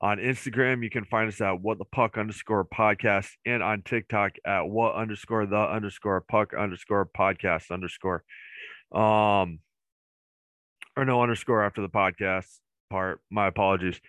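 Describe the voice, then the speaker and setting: Bright-voiced American podcast host. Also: male voice, on the low side, steady tone, moderate pace, dry recording. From northern US near Canadian border. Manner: rambling, filler-heavy, jokey. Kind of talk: casual podcast chat.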